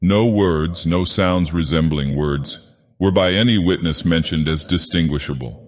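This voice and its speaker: Male actor as a brooding divine villain narrating a tale, very low voice, long cavernous reverb. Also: measured pace. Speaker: audiobook narrator. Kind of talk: storybook narration in character.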